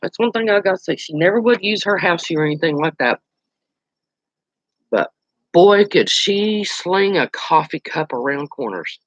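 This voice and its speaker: Vlogger in their forties, lively colloquial storyteller; dull lo-fi sound, dry. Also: mid-range voice, moderate pace, no room sound. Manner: animated, colloquial, exclaiming. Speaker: outdoors channel host. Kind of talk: casual storytelling.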